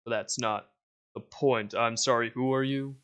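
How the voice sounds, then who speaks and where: A man voicing a huge, stern male guardian warrior clad in armor, speaking slowly and deliberately. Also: medium pitch, fairly even intonation, fairly bright tone, smooth, close to an everyday voice. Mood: measured. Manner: slow, measured, drawn-out. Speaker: game master voicing a character.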